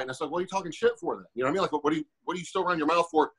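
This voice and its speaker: A quick-talking man in his forties with a husky, bright-edged voice. He tells a story on a podcast like a former fighter would, cursing freely and acting out each person's lines. His voice sits a bit high for a man. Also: low-quality recording. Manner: animated, acts out quoted dialogue; profane, rambling with fillers.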